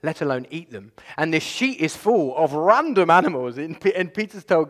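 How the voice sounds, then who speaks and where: Pastor preaching in a reverberant church. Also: male voice, a little high, moderate pace, hardly any pauses. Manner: conversational, animated preaching with filler phrases. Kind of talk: sermon. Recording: long reverb of a church hall.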